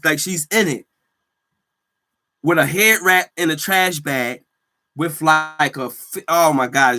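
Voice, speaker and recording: A man hosting a casual solo podcast, telling stories in animated slang and laughing often. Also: a little high. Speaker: podcast host; healthcare worker.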